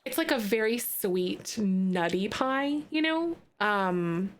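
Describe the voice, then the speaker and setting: A woman streaming live, chatting casually with lots of fillers and bursts of excitement. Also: mid-range voice, takes it slowly, a little hiss or hum.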